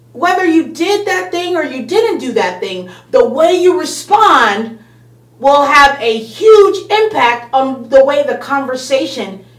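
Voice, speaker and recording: A high-voiced woman leads a children's Bible lesson in an upbeat, conversational way, full of homey examples. She sounds a little away from the mic, and the room gives her voice a clear echo. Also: fairly bright tone, far from the mic. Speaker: children's church host.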